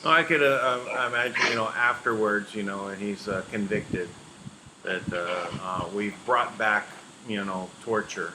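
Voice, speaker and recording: A man's voice: on the low side, moderate pace, noisy background. A man hosting a casual talk show, joking with his co-host. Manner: jokey, laughs at his own lines. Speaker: podcast host. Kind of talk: casual chat.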